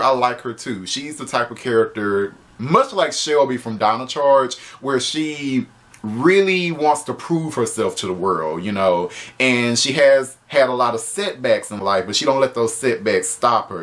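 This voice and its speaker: A man reviewing a show on video in a loose, chatty way. He is animated, laughs often and swears freely, at a middling pitch for a man. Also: unhurried. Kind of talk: casual spoken review.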